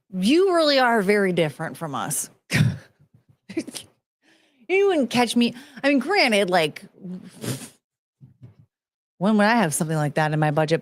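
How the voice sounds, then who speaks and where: A woman's voice: a little high, dry recording. A woman hosting a casual stream, chatting frankly and crudely with viewers, giggling often.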